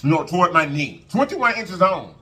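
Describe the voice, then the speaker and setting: A man's voice: on the high side, very animated, moderate pace, pushed and bright. A man vlogging an emotional personal story to his viewers, talking casually, repeating phrases and often thanking God. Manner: colloquial, addresses viewers as y'all. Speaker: mukbang vlogger.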